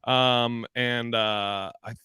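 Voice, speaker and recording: Animated, bright-voiced male comedian host. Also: medium pitch, extremely slow, smooth, dry recording. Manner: animated storyteller, acts out voices in anecdotes. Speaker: podcast host. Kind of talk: casual chat among comedians. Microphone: video call.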